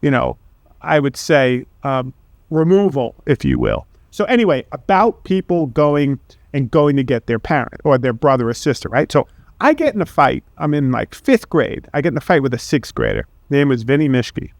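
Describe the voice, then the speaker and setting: A man's voice: mid-range voice, very animated, moderate pace, creaky, no echo. A man co-hosting a podcast, telling rambling childhood stories with laughs and casual swearing. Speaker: podcast co-host.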